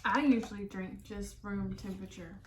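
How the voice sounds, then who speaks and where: A relaxed woman chats over a meal, mostly agreeing and adding short remarks. The room has a clear echo, with a faint hiss under her voice. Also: medium pitch, moderate pace. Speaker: co-host of a food vlog. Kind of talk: casual mukbang chat while eating. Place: indoors at a table, eating. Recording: echoey room with faint noise.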